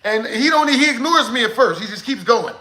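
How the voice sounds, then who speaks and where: A young man talks to his live chat in a high, bright voice. He rambles animatedly through a story, circling back with filler asides and breaking into laughter. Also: lively intonation, fairly quick, rough recording. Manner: laughs while telling. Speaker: live streamer.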